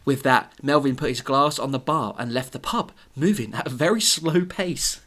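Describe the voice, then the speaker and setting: A man hosting a podcast, reading a story aloud with giggly, animated asides. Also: medium pitch, normal speed. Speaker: podcast host and story reader.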